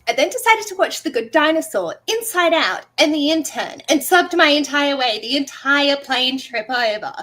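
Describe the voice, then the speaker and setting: A young woman on a video call, telling stories in a lively, dramatic way. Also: high voice, moderate pace, few pauses. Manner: animated storyteller, dramatic retellings. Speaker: readathon co-host. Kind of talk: casual video call chat.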